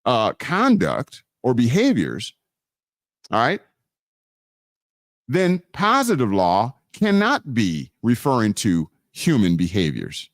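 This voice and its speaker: Guy preaching on a live stream, pitch jumps all over, dry close sound, repeats himself for emphasis. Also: huge pitch swings, no room sound. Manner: drawn-out emphasis with frequent fillers and restarts. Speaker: host of a live teaching stream. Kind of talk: live online teaching on law and scripture.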